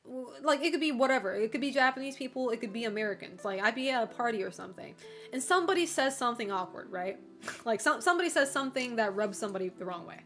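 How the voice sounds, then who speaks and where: A young woman with a somewhat high voice rambles casually on a livestream. She is full of fillers and casual swearing, and she laughs often. Soft music plays faintly behind her. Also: expressive, fast. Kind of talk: casual chat while streaming.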